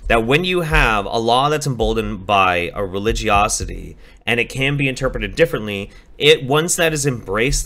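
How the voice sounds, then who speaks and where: A man on a call, talking bluntly and profanely in a casual debate, telling stories with energy. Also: fairly low pitch. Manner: blunt, profane, animated storytelling.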